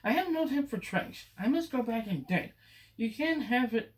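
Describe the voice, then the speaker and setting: A man reading aloud and voicing an exasperated young boy who yells at a troublesome cat. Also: high voice, sing-song, a little slow, voice pushed up, exaggerated voice. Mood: angry.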